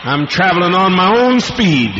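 A man's voice: high voice, big pitch swings, normal speed, noisy background. A man preaching a fiery, profane, rambling sermon to a congregation in a large hall. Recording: echoey hall, dull lo-fi archival tape.

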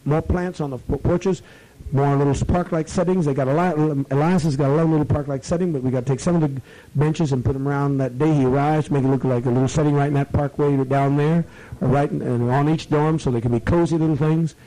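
Brief: man addressing a crowd, bossy and foul-mouthed, somewhat high pitch, dark mellow tone. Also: steady tone, rough recording. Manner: profane, commanding, rambling; slows to a drawn-out, soothing tone at times. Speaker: community leader addressing members. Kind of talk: rambling address to a gathering.

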